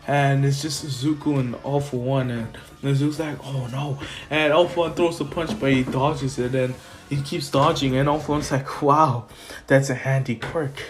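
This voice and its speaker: A young man casually retelling a fan story, rambling and halting with fillers. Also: fairly high pitch. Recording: soft lofi music under.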